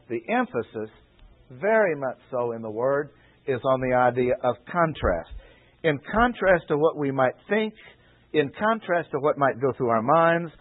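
A man teaches scripture in a measured, deliberate way, repeating his key phrases for emphasis. His voice sits at an ordinary middle pitch. The recording is thin and tinny, like an old radio broadcast. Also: lively intonation. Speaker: preacher. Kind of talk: expository Bible teaching.

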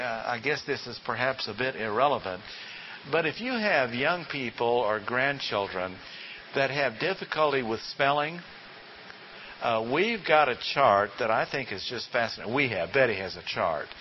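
A man's voice: mid-range voice, big pitch swings, normal speed. A man teaching a Bible class in a folksy way, quizzing his listeners with rhetorical questions. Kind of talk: classroom lecture. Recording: dull lo-fi recording with faint hiss.

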